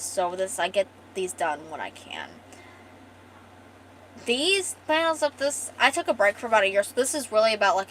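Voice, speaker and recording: A young woman comic artist chatting with her stream. She rambles, with many ums and restarts, at a mid-range pitch. A faint noise sits behind her voice. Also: a bit bright, poor audio. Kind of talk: casual chat.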